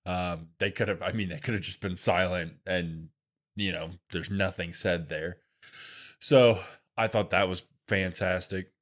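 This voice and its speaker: A man co-hosting a wrestling podcast, giving his opinions in a relaxed, casual chat and thinking out loud. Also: deep voice, a little slow. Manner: relaxed, thinks aloud with fillers like "right?".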